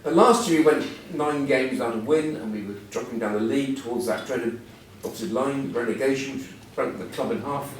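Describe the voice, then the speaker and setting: Speaking at a medium pitch and moderate pace with hardly any pauses, a middle-aged man entertains a large event-hall audience as a guest speaker. His after-dinner-style motivational talk is anecdotal and wry, full of self-deprecating, chatty storytelling. Audience laughter rises around him, while the far-off mic picks up heavy room echo and a faint hum.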